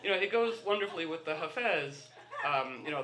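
A man's voice: on the high side, expressive, a little fast, hardly any pauses. A man giving a rambling, playful talk to a live group, often slipping into quoted voices.

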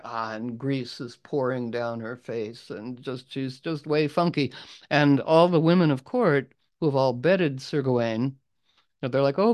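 A man telling an old legend aloud in a casual, rambling way with asides. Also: mid-range voice. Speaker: storyteller. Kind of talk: oral storytelling.

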